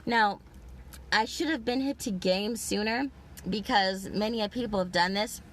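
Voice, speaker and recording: A woman's voice: mid-range voice, normal speed, fairly bright tone. A woman talks straight to her camera in a long, meandering monologue. She is agitated and swears constantly, and her sentences are crowded with fillers. A faint hum of noise sits behind her voice. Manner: profane, rambling, agitated storytelling with many fillers. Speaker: vlogger. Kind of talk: rambling personal monologue. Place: outdoors in a big parking lot.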